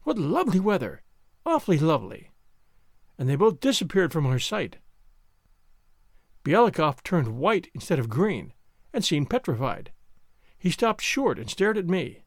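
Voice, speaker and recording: A man narrates a classic story with expressive, animated intonation. His voice sits a little high. The recording is dry and close, with no room sound. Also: measured pace, long pauses, dry recording. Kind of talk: audiobook reading of a classic story.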